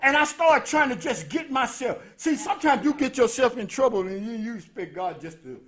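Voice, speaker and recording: Preacher, man, high bright voice, lively storytelling that swells into shouts. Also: brisk. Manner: animated, laughing, rising to shouts. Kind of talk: storytelling sermon.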